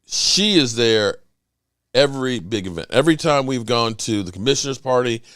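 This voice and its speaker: Animated man hosting a sports podcast. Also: mid-range voice, normal speed, clean tone, dry recording, clean studio sound. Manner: animated, emphatic, with frequent restarts. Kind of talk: casual sports talk.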